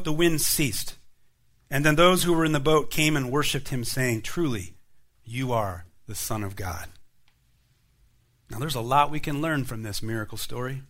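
A male pastor preaching a sermon, retelling miracle stories with lively emphasis and rhetorical questions to his listeners. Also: on the high side. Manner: animated storytelling preacher, rhetorical questions to the congregation.

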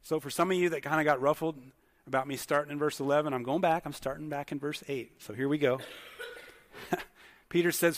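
A man's voice: fairly high pitch, fairly even intonation, a little fast. A male pastor preaching a sermon in a conversational way, putting many questions to the congregation. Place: church hall with congregation. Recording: long hall reverb.

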